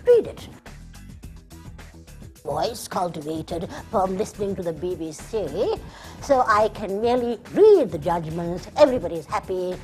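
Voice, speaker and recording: A woman's voice: lowish voice, sing-song, unhurried, a little mellow, faint music behind, voice pushed up. A woman voicing a pompous, self-satisfied judge with a cultivated, drawling voice, as a comic character sketch. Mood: smug.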